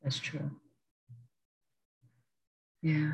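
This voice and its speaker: Woman, podcast host, casual rambling chat, gravelly voice, dry sound, call from home. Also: low-pitched, normal speed, no room sound, dull audio. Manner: rambling, heavy use of "like", self-correcting. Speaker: podcast host, homeschooling parent. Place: at home, kids nearby. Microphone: video or audio call.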